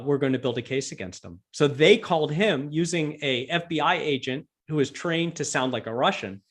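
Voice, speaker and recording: A man telling a story with lively amusement, full of fillers and restarts, speaking remotely for a virtual event. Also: fairly high pitch. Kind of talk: animated storytelling.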